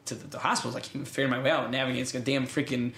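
A man's voice: medium pitch, little pitch movement, rapid-fire, vocal fry, a bit bright, roomy sound. A young American man telling a rambling, self-mocking story in casual chat, laughing often. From United States.

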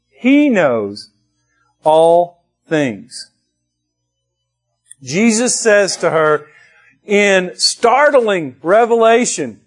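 A man delivers a sermon at an unhurried, deliberate pace, his voice sitting a little high. He talks conversationally, restarting phrases and then lifting his voice for emphasis. Faint music plays underneath. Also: very animated. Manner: slow, conversational preaching with restarts and rising emphasis. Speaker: pastor.

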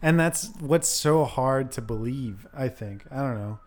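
A man co-hosting a casual podcast about a horror film, relaxed and joking, often laughing as he speaks. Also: medium pitch, a little slow. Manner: laid-back, laughs while talking, joking asides. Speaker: podcast co-host. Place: recording with a co-host.

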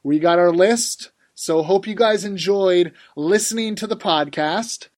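Teasing, upbeat male podcast host with a slightly high voice. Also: a little slow. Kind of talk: casual chat.

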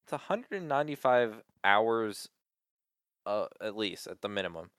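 In a clean studio with no echo, a young male podcast co-host chats casually, rambling through lots of fillers and restarts. His lowish voice is expressive and fairly bright, with a clear, resonant tone at a moderate pace.

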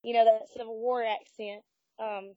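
A woman telling a personal ghost story in casual conversation, animated and laughing as she acts out what people said. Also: a little high, normal speed, dry recording, dull audio. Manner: animated, laughing, voices quoted speech.

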